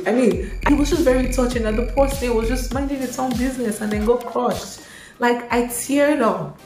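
A woman's voice: fairly high pitch, moderate pace. A young woman with a Nigerian accent, chatting expressively in a casual vlog, slipping in Yoruba asides. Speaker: vlogger. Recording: echoey room with faint music.

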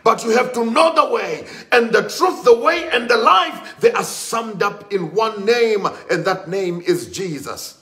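A man's voice: high voice, fairly bright tone, echoey room. A man preaching a sermon with emphatic, repetitive delivery and rising exclamations.

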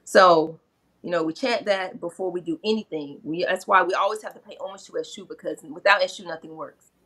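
Low-voiced woman telling sacred myths. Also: a little fast, a bit bright. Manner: earnest, retells myths and slips into quoted voices. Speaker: spiritual practitioner and priestess. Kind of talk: casual conversational storytelling.

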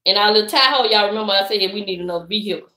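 Bright-voiced Southern woman chatting live. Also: mid-range voice, very fast, roomy sound. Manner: lively, preachy, talks to viewers directly with "y'all" and "baby". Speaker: vlogger. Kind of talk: casual live-stream chat.

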